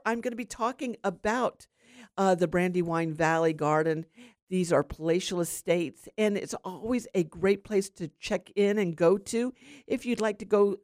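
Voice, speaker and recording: On a syndicated radio gardening show, a woman hosts from a radio studio, chatting casually with call-ins, using plenty of fillers and explaining plant science. Her voice is lowish and a little mellow, captured in a dry, clean studio recording.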